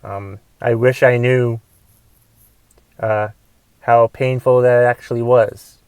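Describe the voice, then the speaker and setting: A young man hosting a comedy podcast, delivering a profane solo rant that swings between shouting and mumbled asides. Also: medium pitch, steady tone, slow pace, clean tone, dry recording. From United States. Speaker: podcast host and stand-up comedian.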